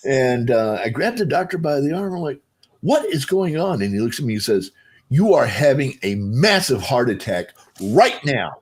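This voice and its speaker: A man's voice: mid-range voice, normal speed, breathy edge. A middle-aged man on a panel talk, telling a rambling story with lots of fillers and acting out the other people's voices as he goes. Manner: rambling, animated, acts out voices in his retelling. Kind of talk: casual storytelling on a video call panel.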